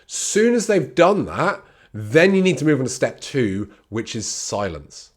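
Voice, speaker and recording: A man's voice: mid-range voice, sing-song, measured pace. A chatty, extroverted man giving an informal talk on handling patients, candid and personal, acting out patient replies as he goes. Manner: conversational, acts out patient replies in quoted voices. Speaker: clinical communication trainer. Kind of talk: informal teaching talk to camera.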